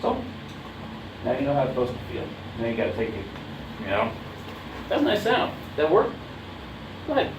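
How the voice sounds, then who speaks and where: A man's voice: medium pitch, huge pitch swings, brisk, long pauses. Man coaching a horn lesson, echoey room. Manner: coaching, checks understanding often. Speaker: horn teacher. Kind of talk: casual one-on-one instruction. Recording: roomy, distant, dull mic with background noise.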